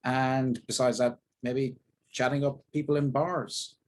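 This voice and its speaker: A young Irish actor talking candidly and at length in an interview, rambling and self-deprecating. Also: male voice, medium pitch, flat delivery, a little slow, low-quality recording. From Ireland. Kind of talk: casual interview talk.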